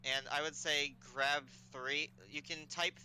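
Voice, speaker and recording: A man acting as game master, patiently explaining rules and filling pauses with ums while he looks things up. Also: a little high, fairly even intonation, sharp tone, slight background noise, poor audio. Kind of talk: running a tabletop game online.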